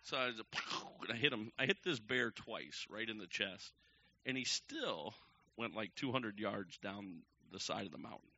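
A man telling a long personal story to a crowd from the pulpit, acting out each quoted person with sudden jumps in pitch and loudness. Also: moderate pace. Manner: animated, acts out the quoted people with big jumps in pitch and loudness. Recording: dull lo-fi recording.

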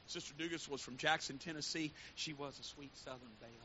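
A male pastor preaching a fervent sermon that swings from hushed to shouting. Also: a little high, steady tone, fast talker. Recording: dull lo-fi with faint hiss.

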